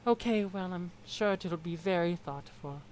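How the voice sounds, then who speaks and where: A woman voicing an aloof teen troll boy with flat, curt, dismissive delivery. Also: fairly low pitch, a little slow, lightly acted, poor audio. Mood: deadpan.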